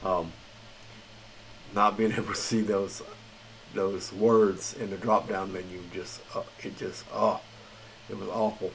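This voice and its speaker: A man's voice: on the low side, little pitch movement, a little slow, vocal fry, pauses often, a little hiss or hum, poor audio. A man hosting a gaming channel, reading patch notes in a tired, rambling, casual way. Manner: rambling, filler-heavy, chuckles at himself. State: tired late at night.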